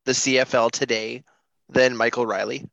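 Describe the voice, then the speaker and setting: Bright-voiced man in banter. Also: medium pitch, level tone, moderate pace, gravelly, dry recording, low-quality recording. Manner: emphatic, agreeable banter. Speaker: podcast co-host. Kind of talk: casual sports chat.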